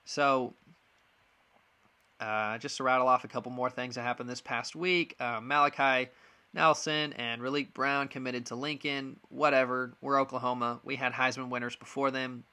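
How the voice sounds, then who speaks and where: Young male sports podcast host, bright voice, blunt and frustrated, loose casual delivery. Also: medium pitch, fairly even intonation, normal speed, clear, resonant tone. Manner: frank, frustrated, many ums and restarts. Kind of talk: casual opinion monologue.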